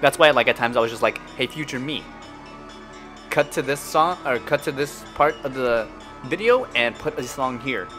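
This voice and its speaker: A man hosting a casual gameplay session, excitable and laughing, yelping at crashes. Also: mid-range voice, normal speed, music in the background. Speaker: gameplay host.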